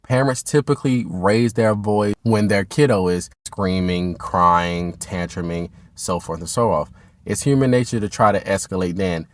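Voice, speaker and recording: Calm low-voiced man coaching parents. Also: normal speed, no echo, clean studio sound. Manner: calm, instructive, addresses parents directly. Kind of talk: direct-to-camera parenting advice.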